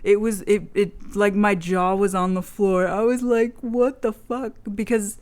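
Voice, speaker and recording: A woman's voice: medium pitch, steady tone, measured pace, darkish tone, clean tone. A young woman in casual chat, rambling with lots of "like" fillers and frequent swearing. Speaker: vlogger.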